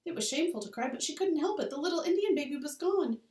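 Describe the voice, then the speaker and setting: A woman teacher reads a children's novel aloud with an expressive storytelling cadence. She sits well back from the microphone in a roomy school room that echoes. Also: high-pitched, fast talker. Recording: roomy, distant mic.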